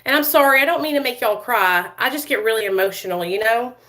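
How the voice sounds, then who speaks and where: A woman's voice: a little high, fast, a bit bright, poor audio. A woman in her thirties talking to her viewers as a vlogger, emotional and rambling, with many fillers and asides. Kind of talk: emotional casual talk to viewers.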